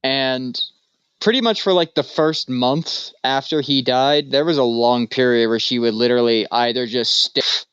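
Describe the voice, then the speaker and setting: A man's voice: medium pitch, moderate pace, a bit bright, clear, resonant tone, dry recording, muffled recording. A man co-hosting a casual podcast, rambling through stories with lots of fillers. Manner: rambling, storytelling with acted-out voices. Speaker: podcast co-host. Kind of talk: casual stoner chat.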